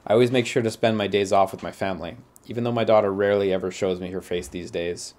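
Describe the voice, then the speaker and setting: A man reading the measured lines of a caring, formal woman teacher from a game. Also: on the low side, fairly even intonation, a little mellow, close to an everyday voice. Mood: concerned. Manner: reads game text aloud, measured.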